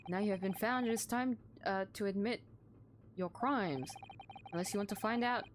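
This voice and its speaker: A woman's voice: medium pitch, normal speed, a little hiss or hum, voice pushed down, lightly acted. A woman reading aloud as a stern, accusing female detective on a ship, in a stiff, haughty manner.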